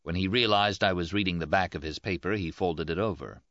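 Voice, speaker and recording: A man with a very deep voice reading a first-person novel in a plain, measured way. The recording is dry with no room sound, and slightly dull and lo-fi. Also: fairly bright tone, no room sound. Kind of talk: audiobook narration.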